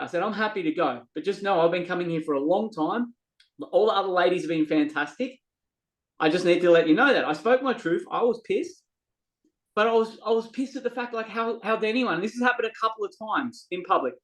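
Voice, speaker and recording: This middle-aged man, a guest on a podcast, talks a little fast in a high-pitched voice over a rough recording. Telling his story in casual conversation, he gets animated, performs other people's lines, and keeps restarting.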